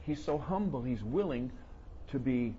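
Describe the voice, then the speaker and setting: A man preaching a sermon to a congregation, asking questions and playing out the listeners' doubts in a higher voice. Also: measured pace, highs cut off, a little hiss or hum. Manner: animated, voices the questioners in a high mocking tone.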